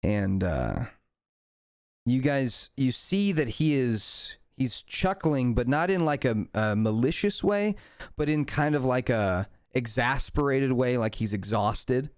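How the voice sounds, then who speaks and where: A man runs a tabletop fantasy game as its game master, narrating the scene. He speaks slowly and haltingly, pausing on fillers. His voice sounds dry and close to the mic. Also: medium pitch, very animated, a little mellow, clear, resonant tone, no echo.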